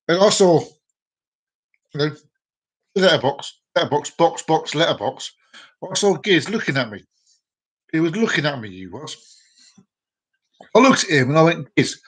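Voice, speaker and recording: A man's voice: on the high side, slightly rough. A man hosting a live-streamed comedy show, rambling, self-mocking and repeating words as he tells jokes. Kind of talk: live-streamed joke telling.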